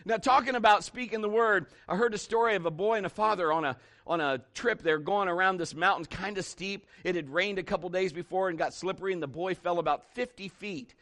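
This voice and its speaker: Preaching a sermon to his church, a pastor speaks in a high, bright voice. He is animated and emphatic, acting out stories and driving his points home through repetition.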